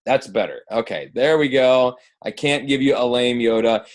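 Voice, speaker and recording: A man's voice: mid-range voice, normal speed. A man runs a weekly team call in a loose, joking way. He is geeky and playful, with plenty of ums and uhs, and sounds like he is on a phone line. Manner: playful, geeky, jokey, with many fillers. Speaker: host of a team coaching call. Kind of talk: casual chat.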